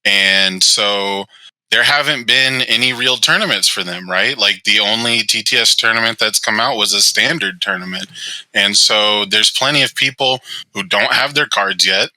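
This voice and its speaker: Low-voiced man explaining an event. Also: bright, forceful tone, no room sound, poor audio. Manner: measured, explaining with many fillers. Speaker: tournament organizer guest. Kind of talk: casual chat.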